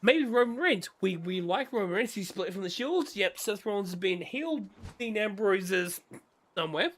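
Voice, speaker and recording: It's casual game stream chat: a man whose voice sits high, at normal speed, passionately rants about wrestling. Along the way he excitedly imitates how other people reacted.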